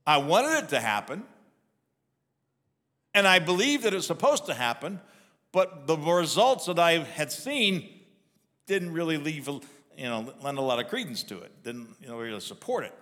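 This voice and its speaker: Male pastor, sermon delivery, slightly high voice, chatty and stumbling, big reverberant church hall. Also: big pitch swings, moderate pace, bright, forceful tone. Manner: conversational preaching with repeated restarts. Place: church sanctuary.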